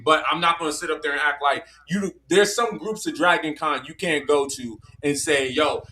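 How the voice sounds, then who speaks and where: A man's voice: a little high, sharp tone. A man in a casual group chat, arguing his points with jokes. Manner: argumentative, joking.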